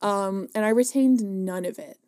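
A woman co-hosting a podcast in casual chat, bubbly and excitable, laughing a lot. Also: medium pitch, moderate pace. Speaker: podcast co-host.

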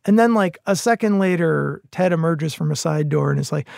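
Earnest, gravelly-voiced middle-aged man. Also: high voice, animated, darkish tone, dry recording, clean studio sound. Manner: earnest, halting, many restarts. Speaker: podcast guest. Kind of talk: casual conversation.

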